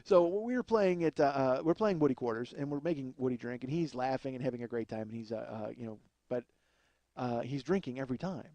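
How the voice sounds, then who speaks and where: A man's voice: medium pitch, brisk, mellow, no echo. A man telling a rambling, profane comic story as a podcast host, often laughing at his own tale. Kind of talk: comedic storytelling.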